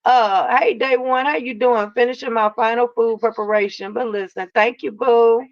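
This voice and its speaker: A woman's voice: a little high, fairly even intonation, moderate pace, no echo. A woman streamer in casual live commentary, greeting her chat by name and telling the story with emphatic asides. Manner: chatty, greets chat viewers, repeats "you know what I'm saying". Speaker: streamer commenting on online drama. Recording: dry, dull lo-fi sound.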